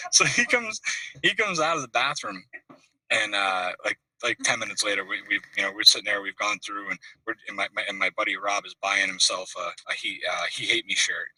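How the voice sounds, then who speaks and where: A man's voice: on the low side, brisk, pushed and bright, breathy edge, no room sound, recorded from a distance, poor audio. A man telling a long funny anecdote on a video call, acting out the voices of people in it and laughing often. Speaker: call-in guest. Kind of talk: casual storytelling.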